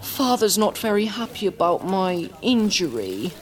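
A woman's voice: medium pitch, big pitch swings, unhurried, soft background music, pitched above the performer's own voice. A woman voicing a spoiled, scheming schoolboy who drawls and mocks. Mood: mocking. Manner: drawling, mocking.

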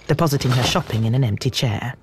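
Very low-voiced woman narrating. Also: fast, a little mellow, a little hiss or hum. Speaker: audiobook narrator. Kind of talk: scripted narration.

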